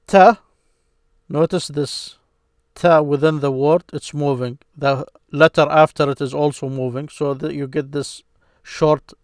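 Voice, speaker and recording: A man's voice: fairly high pitch, clean tone, dry recording, studio quality. A man teaching grammar, patiently walking through examples step by step. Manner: patient, step-by-step, pointing things out. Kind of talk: explaining at a board or screen.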